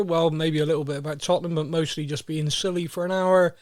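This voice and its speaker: A young man hosting a podcast in a casual, playful chat, full of jokes and quick asides. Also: a little high, dry recording, studio quality, faint music behind. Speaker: podcast host.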